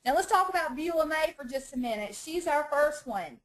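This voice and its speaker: A woman leads a women's Bible study, speaking with a slightly high voice. She is chatty and self-deprecating, laughs at her own slips, and addresses the group warmly as "girls.". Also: animated, fairly quick, poor audio. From North Georgia, USA.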